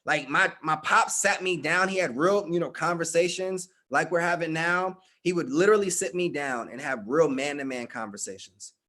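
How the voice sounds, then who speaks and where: A man's voice: a little high, normal speed, few pauses, pushed and bright. A middle-aged man coaching a live group, emphatic and direct, calling on listeners by name and repeating his points. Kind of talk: motivational talk with audience.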